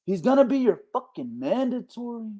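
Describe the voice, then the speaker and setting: A man voicing a conspiratorial boxing official who talks in a hushed, coaxing way and sprinkles in Spanish slang. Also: very high-pitched, big pitch swings, moderate pace, heavily acted. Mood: scheming.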